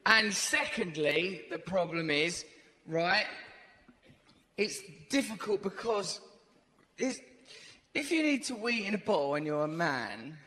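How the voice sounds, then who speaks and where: A man's voice: sits high, slow, pauses often. A man telling a rambling stand-up comedy story on stage, throwing in "right?" all the time. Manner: rambling, animated, lots of "right?". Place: large theatre stage. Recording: echoey live theatre hall. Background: audience laughter.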